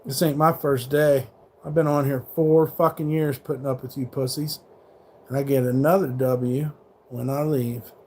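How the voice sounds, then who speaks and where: A man's voice: medium pitch, steady tone, moderate pace, darkish tone. Profane, combative male livestreamer. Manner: confrontational, profane, taunting chat trolls. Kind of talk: casual livestream chat. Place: truck stop. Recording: faint background noise.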